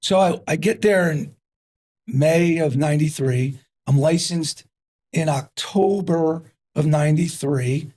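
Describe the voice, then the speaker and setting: A man in his fifties from New Jersey, a guest telling his story in an energetic, punchy way and repeating himself for emphasis. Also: fairly high pitch, slow. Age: 50s. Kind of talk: casual interview storytelling.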